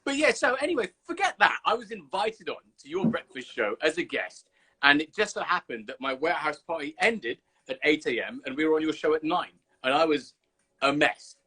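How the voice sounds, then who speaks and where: A man's voice: a little high, big pitch swings, fairly quick, sharp tone, husky, low-quality recording. A man hosting a casual live video chat, playful and swearing freely as he jokingly protests. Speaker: host. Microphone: phone or laptop on a live video call.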